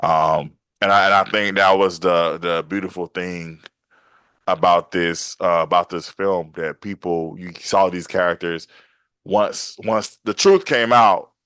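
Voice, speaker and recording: A man hosting a casual interview podcast, animated and laughing easily, often repeating his phrases. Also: low-pitched, unhurried, smooth, no room sound. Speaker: podcast host and writer.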